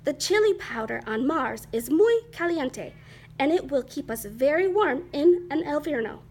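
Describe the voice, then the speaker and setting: A woman's voice: high-pitched, lively intonation, normal speed, darkish tone. A woman voicing a big, grand male chihuahua leader who explains in an expansive way. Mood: explaining.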